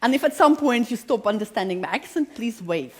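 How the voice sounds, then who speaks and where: A woman's voice: a little high, expressive, fairly quick. A woman in her forties with a non-native, slightly British-tinged accent, giving an enthusiastic talk to a live audience and speaking to them directly. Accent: non-native English with a slight British tinge. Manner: enthusiastic, self-deprecating, addresses audience directly. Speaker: positive psychology lecturer. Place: large public hall.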